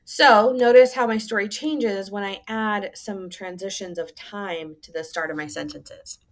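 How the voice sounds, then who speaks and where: A woman's voice: medium pitch, a little slow. A woman teacher giving a recorded lesson to students, patient and instructive, with frequent "um" fillers.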